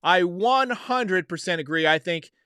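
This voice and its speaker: A man's voice: sits high, animated, unhurried, sharp tone, slight background noise. A man hosting a casual sports podcast, chatting and reading viewer comments aloud. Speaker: podcast host. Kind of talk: casual live-stream talk.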